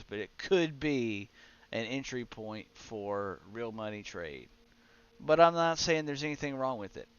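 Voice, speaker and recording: A man's voice: medium pitch, fairly bright tone, clean tone, dry recording. A young man streaming a game, muttering casually to his chat and swearing at the menus. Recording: slightly dull lo-fi stream audio with faint music.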